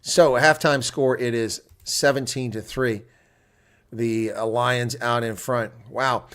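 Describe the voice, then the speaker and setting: A middle-aged man calling a rugby match live from his own desk. He swings from loud, excited shouts at big plays to easy, rambling chat, reading viewer comments aloud. His voice sits at an ordinary middle pitch. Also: slow. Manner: erupts into loud excited shouts at big plays, then settles into chatty talk. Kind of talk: live play-by-play and color commentary.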